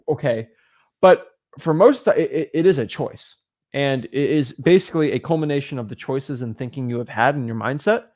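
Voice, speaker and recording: A man co-hosting a livestream, talking in an animated, coaching way and acting out conversations, with many "right?" and "like" fillers. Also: mid-range voice. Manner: animated, acts out quoted dialogue, frequent "right?" and "like". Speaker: co-host of real estate livestream. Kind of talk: motivational livestream talk.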